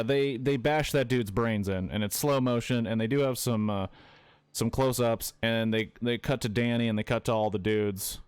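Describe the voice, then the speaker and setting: A man streaming a game while retelling a film in a casual, excitable way, swearing often and with plenty of fillers. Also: on the low side, clean tone, no echo. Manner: excitable, profane storytelling with many fillers.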